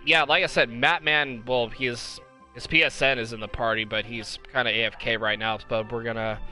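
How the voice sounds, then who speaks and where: A man's voice: medium pitch, pushed and bright. A young man from California hosting a casual live-stream podcast, rambling enthusiastically with lots of fillers and restarts. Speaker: podcast host.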